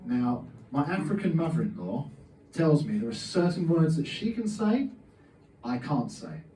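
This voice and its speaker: Animated young man doing stand-up. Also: fairly high pitch, unhurried, a little hiss or hum. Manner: animated storytelling, plays out his dad's lines. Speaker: stand-up comedian. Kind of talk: stand-up comedy set. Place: comedy club stage, packed audience. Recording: roomy club sound from a distant camera. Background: faint audience laughter.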